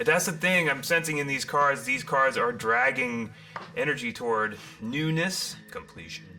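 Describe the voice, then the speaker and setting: A man hosting a live-streamed tarot reading, theatrical and rambling, with loud bursts, muttered asides and many restarts. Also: medium pitch. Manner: rambling with frequent restarts and fillers.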